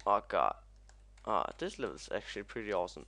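A young man commentating as he plays a video game, excitable and swearing often. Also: lowish voice, moderate pace. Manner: excitable, swears a lot, yelps at crashes. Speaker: gaming commentator. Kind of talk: let's play commentary.

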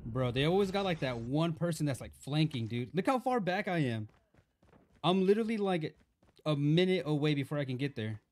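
A man's voice: a little high, animated, fairly quick, a little mellow. A man live-streaming a mobile shooter, chatting casually and reacting to the match, calling everyone dude and bro. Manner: laid-back, peppers talk with "dude" and "bro". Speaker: game streamer.

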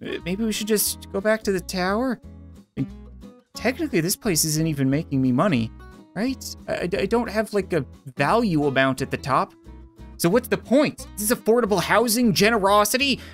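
A woman's voice: mid-range voice, expressive, normal speed, soft background music. A woman giving rambling, sarcastic commentary while playing a video game. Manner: rambling, sarcastic, laughs often. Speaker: gaming video host. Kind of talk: let's play commentary.

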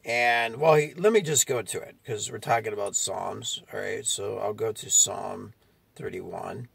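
A man's voice: on the low side, measured pace, vocal fry, fairly bright tone, husky, no echo. A man preaching a fiery sermon, confronting his listeners and often asking "okay?" between his points. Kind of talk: street-style sermon.

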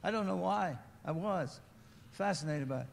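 A man's voice: high voice, expressive, moderate pace, vocal fry, in a large hall, a little hiss or hum. A man in his seventies from West Virginia, telling a folksy, humorous testimony at a church service. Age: 70s. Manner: homespun, humorous storytelling. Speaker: missionary. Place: church sanctuary.

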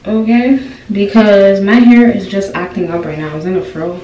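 A woman's voice: medium pitch, steady tone, normal speed, mellow, lo-fi sound. A young woman vlogger giving a casual hair tutorial, chatting away and constantly checking in with her viewers. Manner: chatty, keeps asking viewers "y'all" questions. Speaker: beauty vlogger. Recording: roomy, distant with faint noise.

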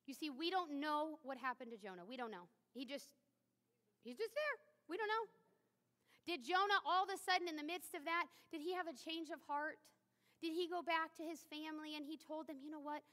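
A woman's voice: high voice, brisk, a bit bright, long reverb tail. A woman in her thirties preaching a sermon in a church, candid and self-deprecating, talking to the congregation like a friend. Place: church sanctuary.

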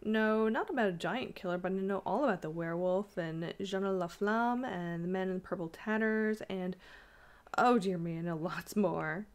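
A woman reading the lines of a gentle, proud young wife in a storybook, in a soft, demure manner. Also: medium pitch, normal speed, lightly acted. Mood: eager.

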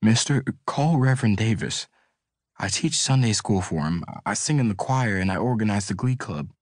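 A frightened young working man, voiced by a man in a storybook reading, answering the police softly and breathlessly. His pleas stay low-pitched and pleading, with a dry, close sound. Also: lively intonation, moderate pace, dry recording. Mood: protesting.

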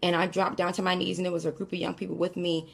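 Recounting a scary dream in casual testimony style, a woman talks straight to her listeners as y'all. Her voice is lowish and fast with a level tone, vocal fry, and a breathy edge.

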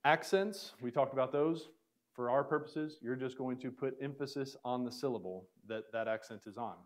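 A man's voice: medium pitch, normal speed. Man teaching a casual classroom lesson. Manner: casual, filler-heavy explaining with restarts. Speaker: Bible Greek teacher. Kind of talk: classroom lecture. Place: church classroom.

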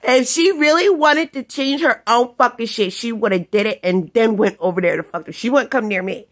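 Woman, high voice, vlog rant, angry, rambling, profane, bursts of shouting. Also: normal speed. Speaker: vlogger. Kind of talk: ranting vlog monologue.

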